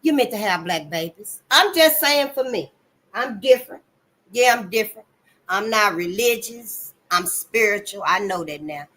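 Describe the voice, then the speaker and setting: A woman hosting her channel, giving blunt, profane commentary and calling listeners honey, swinging between loud outbursts and low asides. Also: expressive, normal speed. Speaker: channel host. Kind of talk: impassioned commentary.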